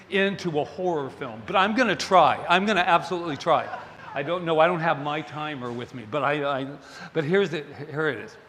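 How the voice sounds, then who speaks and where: Male minister preaching, lively storytelling, fairly high voice, long hall reverb. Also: slight background noise. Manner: animated, playful storytelling with laughs. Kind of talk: sermon. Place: spiritual center sanctuary.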